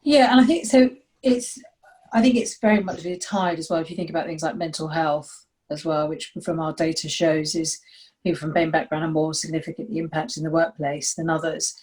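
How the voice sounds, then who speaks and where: A woman speaks on a panel discussion in a lower voice. She is earnest and reflective. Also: steady tone, a little fast, darkish tone, rough recording. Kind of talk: panel discussion on video call.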